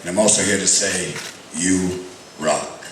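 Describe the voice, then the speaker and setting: A man doing a live stand-up routine before troops, swinging from manic shouting to hushed mumbling. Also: low-pitched, steady tone, measured pace, heavy background noise. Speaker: stand-up comedian. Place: outdoor military base stage before troops. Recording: distant echoey crowd recording. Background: loud cheering crowd.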